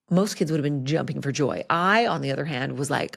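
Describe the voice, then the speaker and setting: A woman host telling a personal story on a podcast, candid and animated, with laughing asides. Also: low voice, a little fast, creaky, slightly rough.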